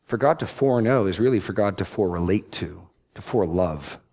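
A man giving expository Bible teaching, reading scripture slowly and stressing key words. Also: lowish voice, animated, gravelly, a little mellow, slight background noise. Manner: deliberate, emphatic scripture reading.

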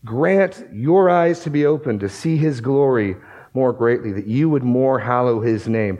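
A pastor with a medium-pitched, slightly slow and somewhat mellow male voice preaches a sermon on a low-quality recording. He quotes scripture aloud, reading the verses with emphasis as he works through passages and bursts out on key words.

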